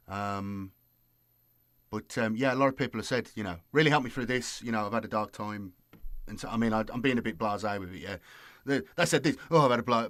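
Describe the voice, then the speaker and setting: Casual male host, lowish voice, rambles freely, dry close recording. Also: a bit bright, no echo. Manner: rambling, lots of fillers. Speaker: YouTube host. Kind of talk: casual late-night chat.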